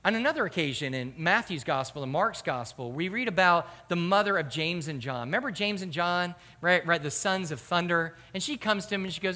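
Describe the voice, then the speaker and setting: Bright-voiced man preaching in a hall. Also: sits high, brisk, hardly any pauses. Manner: animated, rhetorical, acts out quoted voices. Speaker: pastor. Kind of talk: sermon. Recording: hall reverb.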